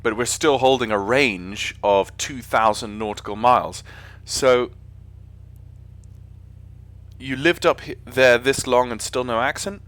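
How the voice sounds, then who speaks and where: A man's voice: mid-range voice, a little slow, a bit bright, no room sound. Man, English accent, casual live-stream chatter, rambling, restarts his sentences, mid-range voice. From England. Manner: chatty, rambling, frequent self-corrections. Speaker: flight sim streamer.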